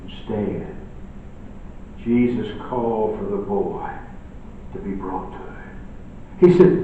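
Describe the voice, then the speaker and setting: A man preaching a sermon, swinging between loud emphatic lines and hushed quiet ones. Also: on the low side, takes it slowly, long pauses, slight background noise. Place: church sanctuary. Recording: echoey church room from far off, dull.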